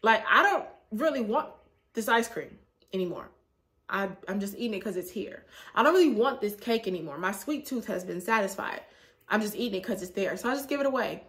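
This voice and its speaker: A woman, chatting casually in a vlog with a sore throat, animated and laughing often. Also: medium pitch, a little fast. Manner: animated, laughs often, acts out her own reactions. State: sore throat after a cold. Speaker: vlogger.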